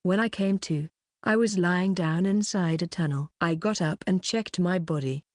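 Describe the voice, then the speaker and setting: A woman narrating a novel in the first person, with a steady, even reading. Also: fairly low pitch, moderate pace, no room sound, studio quality. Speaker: audiobook narrator.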